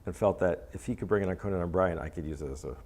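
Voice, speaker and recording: A man being interviewed about his photography, talking in a hesitant, rambling way with many pauses. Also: deep voice, a little mellow. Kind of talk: casual interview.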